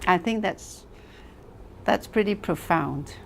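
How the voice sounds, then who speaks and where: A woman teaching a class, telling stories slowly and deliberately, asking rhetorical questions and repeating phrases for emphasis. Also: on the low side, gravelly, slight background noise. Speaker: wellness teacher. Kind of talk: lecture to a class.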